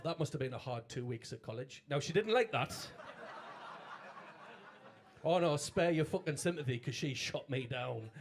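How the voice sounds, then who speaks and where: A man's voice: medium pitch, animated, brisk, hardly any pauses. A man doing stand-up, telling stories in a brash, sweary way and laughing at his own punchlines on a comedy club stage. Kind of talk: stand-up storytelling. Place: comedy club stage before a live audience.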